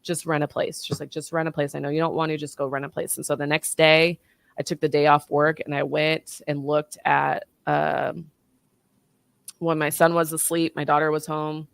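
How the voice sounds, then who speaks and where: A woman's voice: low-pitched, moderate pace, creaky, dry recording. A woman in her thirties telling a personal story in casual chat, acting out the voices in the dialogue she quotes. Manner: animated, acts out quoted dialogue.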